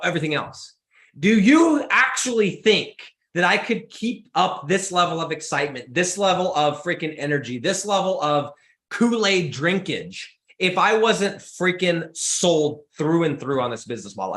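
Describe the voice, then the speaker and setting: An excitable young man talks straight to his audience, stacking up repeated phrases as his energy climbs. His voice is bright and forceful, sitting a little high for a man. The sound carries a noticeable room echo. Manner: excitable, emphatic, repeats words when pumped. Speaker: podcast host. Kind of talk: energetic motivational monologue.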